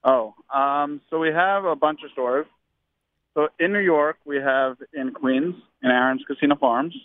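A man with a Baltimore accent calling in as a guest, talking in a relaxed way with lots of fillers. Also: fairly high pitch, unhurried, no echo. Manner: relaxed, uses many fillers like "like". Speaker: guest on the phone. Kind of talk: casual radio phone interview. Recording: tinny phone line.

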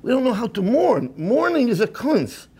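A man's voice: extremely high pitch, very animated, normal speed, darkish tone, breathy edge. A man giving an impassioned sermon-style lecture at a community program, often stammering and restarting, with many Hebrew and Yiddish terms.

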